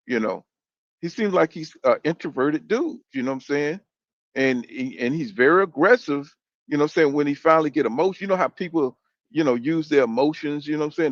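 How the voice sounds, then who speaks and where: Brief: man, fairly high voice, loose swearing commentator, dull dry lo-fi sound. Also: no echo. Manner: rambling, profane, keeps saying "you know what I'm saying". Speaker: boxing commentator. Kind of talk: casual opinion rant.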